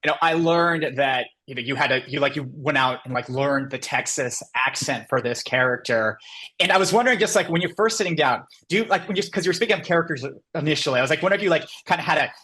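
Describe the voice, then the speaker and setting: A man with a fairly high, bright voice interviews an actress. He talks fast and rambles, packing his questions with "like" and "you know". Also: expressive.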